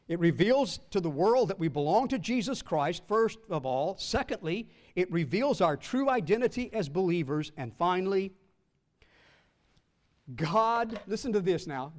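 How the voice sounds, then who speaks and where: Brief: high-pitched male pastor, sermon delivery, stretches key words, pauses for the congregation to fill in answers. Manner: calls out questions for the congregation to answer; draws out key words slowly for emphasis.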